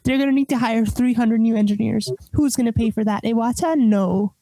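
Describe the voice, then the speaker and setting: A woman co-hosting a podcast, chatting casually with a playful, mock-dramatic streak. Her voice sits a little high. The sound is dry and close, with no room echo. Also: a little fast, warm tone. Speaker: podcast co-host.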